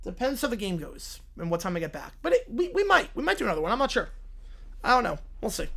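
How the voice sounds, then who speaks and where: A male streamer talks sports in casual, rapid bursts, full of restarts and hedges. He sounds relaxed and unscripted, as if chatting with his viewers. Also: high voice, creaky. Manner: quick, hesitant sports talk. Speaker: streamer host. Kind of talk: casual live-stream chat.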